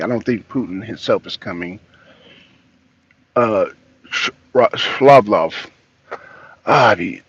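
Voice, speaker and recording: Male host, slangy and full of fillers, lowish pitch, lo-fi phone sound. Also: a bit bright, slightly rough, no room sound. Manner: rambling, loose and slangy, many fillers. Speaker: political talk show host. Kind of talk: casual solo vlog commentary. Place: at home and in his car, garage.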